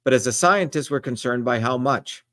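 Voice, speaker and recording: A man's voice: medium pitch, moderate pace, pushed and bright. A middle-aged man answering debate questions on a live stream, emphatic and lecturing in tone. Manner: emphatic, lecturing, repeats "the reality is".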